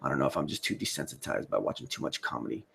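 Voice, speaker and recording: A man's voice: very deep voice, big pitch swings, rapid-fire, gravelly, sharp tone, a little hiss or hum. A man hosting a livestream, giving rambling, profane commentary and reading out chat comments. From United States. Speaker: livestream host.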